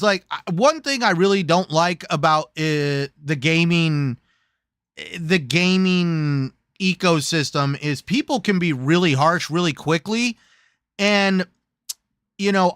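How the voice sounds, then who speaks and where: A man hosts a casual gaming talk show in a smooth, resonant voice that sits a little high for a man. He jokes a lot and keeps the talk lively, slipping into silly voices now and then. The sound is dry and close. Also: dry recording. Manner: lively, joking, slips into silly put-on voices. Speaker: host.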